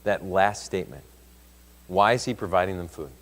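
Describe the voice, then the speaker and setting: A man's voice: deep voice, moderate pace, long reverb tail. A man teaching a Sunday school class, talking conversationally and reading scripture aloud with rising emphasis. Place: church classroom.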